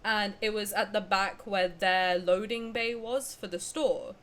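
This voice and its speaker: A woman's voice: mid-range voice, fairly even intonation, unhurried, a bit bright. A young woman streamer casually telling a long personal story, rambling with lots of fillers and restarts. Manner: rambling, filler-heavy, restarts mid-sentence.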